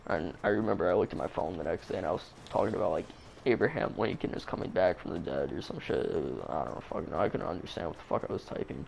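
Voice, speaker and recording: A man's voice: sits low, fast, a little mellow, a little hiss or hum. A man telling a story in a casual, rambling way, swearing a lot and using plenty of fillers. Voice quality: creaky. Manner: rambling, profane, full of fillers.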